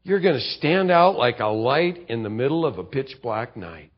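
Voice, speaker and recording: A man preaching a sermon with lively, animated storytelling, reading passages aloud. His voice sits in a middle register. The recording sounds slightly dull and muffled. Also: medium pitch, moderate pace.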